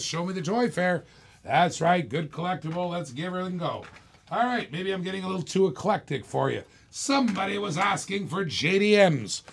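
Gravelly, hyped live-auction host man. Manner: hyped, repetitive salesman pitch. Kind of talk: live-stream auction sales patter.

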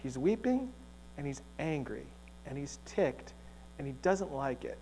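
Chatty joking male pastor, higher voice. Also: big pitch swings, a little slow, dark tone, slight background noise. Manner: chatty, joking, asks rhetorical questions. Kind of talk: conversational sermon. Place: church sanctuary.

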